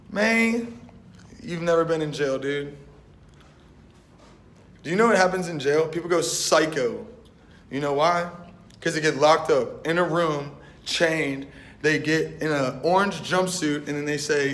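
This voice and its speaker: A man's voice: unhurried, long pauses. A young man and Christian rapper giving a casual, slang-filled faith talk, retelling a Bible story and acting out its voices. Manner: animated and slangy, acting out voices with "boom" and "bet". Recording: roomy echo.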